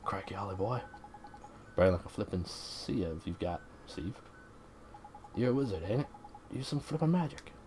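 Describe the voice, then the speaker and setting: A man's voice: low-pitched, quick pace, hardly any pauses, dark tone, slight background noise, lightly acted. A man voicing a brash, impatient male fairy sidekick who talks in slang and bosses people about, with game music behind. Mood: bossy.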